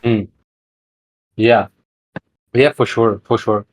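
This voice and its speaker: A man's voice: on the low side, steady tone, takes it slowly. A man co-hosting a podcast in casual chat, rambling with lots of fillers and restarts. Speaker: podcast co-host.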